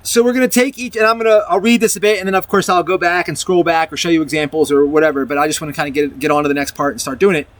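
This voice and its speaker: Racing along with barely a pause, a man with a voice on the high side and fairly even intonation talks viewers through a math proof. His casual lecture is rambling, full of restarts, and blends reading from a document with comments.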